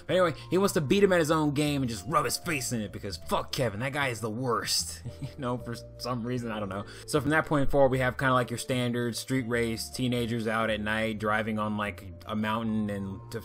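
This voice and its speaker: A man's voice: mid-range voice, a bit bright. A young man casually reviewing a cartoon episode, rambling, swearing freely and laughing at his own jokes.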